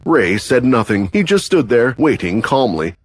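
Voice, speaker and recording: Man narrating with lively dramatic pitch. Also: normal speed, slightly rough. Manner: dramatic storytelling. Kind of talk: scripted narration.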